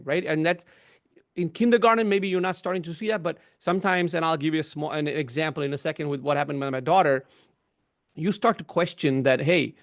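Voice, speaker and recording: A middle-aged man on a video call giving an explanatory webinar talk, often tagging "right?" and "you know". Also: a little high. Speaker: webinar guest. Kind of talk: conversational webinar discussion.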